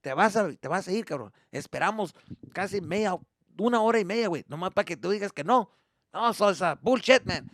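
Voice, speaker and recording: A man's voice: medium pitch, unhurried, vocal fry, long pauses, a little mellow, slightly rough, no room sound, studio quality. A man acting out an exasperated father who scolds his scared son, mixing Spanish curses into English. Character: gruff Mexican dad scolding his son.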